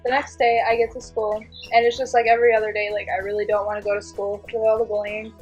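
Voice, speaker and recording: A woman's voice: medium pitch, little pitch movement, quick pace, a little mellow, lo-fi sound, faint music behind. A young woman, a channel host, telling her own story in casual storytime chat, full of "like" and little laughs. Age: young adult.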